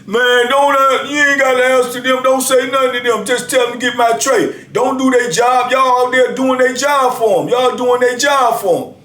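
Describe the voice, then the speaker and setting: A man voicing a loud, scornful young male inmate who taunts and shouts back. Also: extremely high pitch, fairly even intonation, normal speed, few pauses, pitched above the performer's own voice. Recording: roomy echo.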